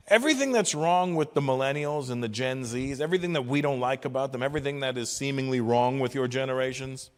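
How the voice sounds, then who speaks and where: A man's voice: fairly high pitch, a bit bright. A man in his fifties doing a stand-up routine with crowd work, profane and mocking, acting out other people's voices. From Canada. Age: 50s. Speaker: stand-up comedian. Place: live venue with audience. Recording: long hall reverb from stage.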